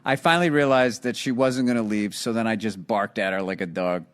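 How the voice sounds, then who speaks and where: A man with a Boston accent telling a story in casual chat, profane and animated, laughing in bursts. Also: on the low side, brisk. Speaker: podcast host.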